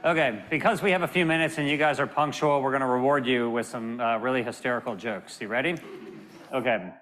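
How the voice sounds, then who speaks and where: A man filling time at a panel by telling jokes, playful, dropping low and quiet to build up each punchline. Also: fairly quick, soft background music. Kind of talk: stand-up joke telling at a panel.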